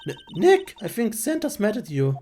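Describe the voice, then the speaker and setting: A streamer voicing an excitable young female assistant, reading game dialogue aloud. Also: medium pitch, normal speed, a little hiss or hum, lightly acted. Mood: eager.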